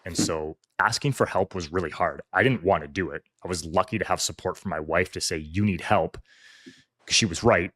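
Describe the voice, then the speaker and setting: A man with a very low voice speaks earnestly about his own experiences, reflective and unhurried. The sound is dry and close, with little room around it. He often lets his sentences drop softly at the end. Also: dry recording. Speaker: firefighter guest. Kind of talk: candid conversational storytelling.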